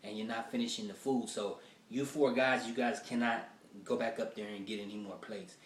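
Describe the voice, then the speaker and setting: Comedian doing stern, lecturing buffet boss; roomy echo, mic far away. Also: male voice, lowish voice, fairly even intonation, normal speed, natural voice. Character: strict male buffet manager scolding customers.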